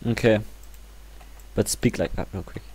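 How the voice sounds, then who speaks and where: A young man teasing his friend in casual gaming chat, playful and drawn-out. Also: fairly low pitch, darkish tone, slightly rough.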